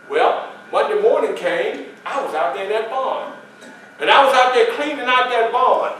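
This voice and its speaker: A man's voice: very high-pitched, expressive, moderate pace, fairly bright tone, a little hiss or hum. A man performing a first-person historical character for a library audience, telling his story in a folksy way and quizzing the crowd. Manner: folksy, questions the audience, plays the other people in the story. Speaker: historical reenactor. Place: library meeting room. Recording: echoey room from a far camera.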